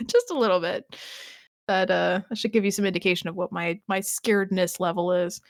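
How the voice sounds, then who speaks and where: A woman's voice: on the low side, animated, moderate pace, no echo, studio quality. A woman co-hosting a podcast, chatting casually about a TV episode, laughing often and restarting her sentences. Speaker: podcast co-host.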